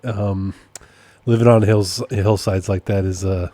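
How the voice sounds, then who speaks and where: Rambling, self-amused man, low mellow voice. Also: fairly even intonation, measured pace, no echo. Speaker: podcast host and process server. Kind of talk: casual solo podcast update.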